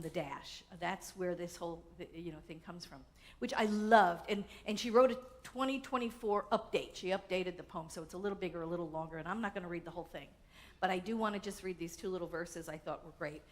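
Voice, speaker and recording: A woman's voice: mid-range voice, brisk. A woman minister preaching a sermon with emphatic energy, calling out to the congregation. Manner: animated, emphatic, calls on the congregation. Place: church sanctuary.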